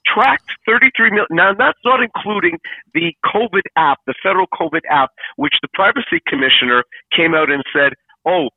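A man's voice: a little high, fairly quick, dry recording. Man, podcast co-host, earnest, insistent, rhetorical questions, phone-line sound, dry. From Canada. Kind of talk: casual chat.

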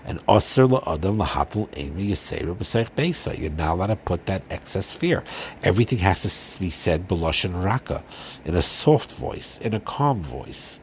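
A man giving an earnest, gentle religious talk on marriage, pausing often fillers and restarts. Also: low voice, animated, a little hiss or hum. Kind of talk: informal religious lecture.

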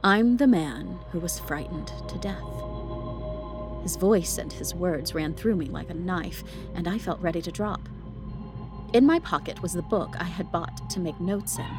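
A woman podcast host reading a ghost story aloud, expressive, with casual asides to listeners. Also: fairly low pitch. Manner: expressive, laughs at the text between passages.

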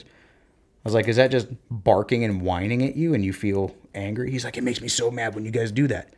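A man in casual conversation, telling parenting stories and acting out talks with his kids in lively bursts. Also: mid-range voice, a little fast. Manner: animated storyteller, acts out talks with his kids. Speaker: podcast co-host, parent. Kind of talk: casual chat.

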